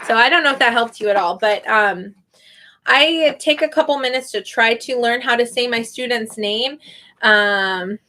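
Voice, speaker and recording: A woman's voice: a little high, normal speed, bright, forceful tone. A woman teaching online, chatting casually and hesitantly as she sounds out names one at a time. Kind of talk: casual livestream chat.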